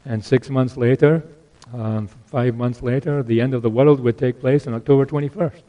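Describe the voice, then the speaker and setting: An older man preaching a sermon, earnest, repeating key phrases and swinging between loud exhortation and hushed asides. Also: medium pitch, fairly even intonation, normal speed, muffled recording.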